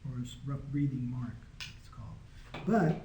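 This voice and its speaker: Medium in pitch, a little slow and dark-toned, this man's voice carries a little hiss or hum in an echoey room. He leads a small Greek class in an informal lesson, casual and patient, often making sure his students are with him.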